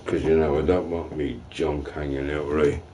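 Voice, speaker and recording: A man's voice: very deep voice, little pitch movement, normal speed, dark tone, slight background noise. A young man streaming, ranting to his chat in a profane, trash-talking way. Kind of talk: livestream rant to chat.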